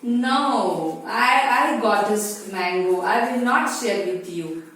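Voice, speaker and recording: Woman voicing a high childlike parrot. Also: animated, slow pace, soft background music. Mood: stubborn. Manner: simple, emphatic child-story delivery. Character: parrot bird, childlike and at first selfish. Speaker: preschool teacher. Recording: very echoey room, voice far from mic.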